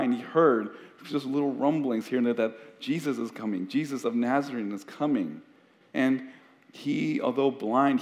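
A pastor preaches a sermon in a medium-pitched, darkish voice, earnest and conversational, often restarting sentences. A long hall reverb surrounds the recording.

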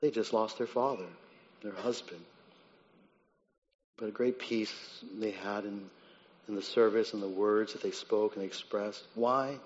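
A man preaching a sermon, who swings between soft, low reflection and loud, high-pitched dramatic retellings. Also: steady tone, unhurried, pauses often. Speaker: pastor. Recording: dull sound with long reverb in a large hall.

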